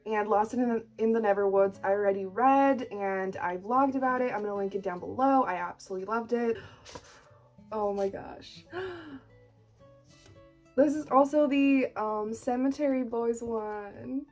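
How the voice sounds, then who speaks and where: A young woman in her twenties vlogging an unboxing, gushing and excitable, full of "like" and casual swearing. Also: on the high side, unhurried, faint music behind. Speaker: book vlogger and author.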